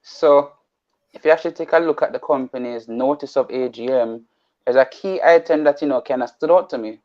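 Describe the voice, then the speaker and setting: A male market analyst explaining finance on a live show reads out formal text, then explains at length, saying "you know" over and over. His medium-pitched voice is a little fast and a little mellow, and the dry recording sounds slightly dull.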